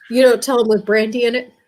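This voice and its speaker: A woman's voice: a little high, a little mellow. A woman from the Milwaukee area, a guest in a casual video chat, talking easily and laughing often.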